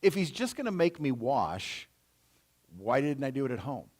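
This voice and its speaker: A proud army commander, indignant and grumbling, who complains in loose everyday slang, as a preacher puts him on. His pitch sits at an ordinary middle height for a man. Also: big pitch swings, normal speed, a little mellow. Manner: grumbling, casual modern slang.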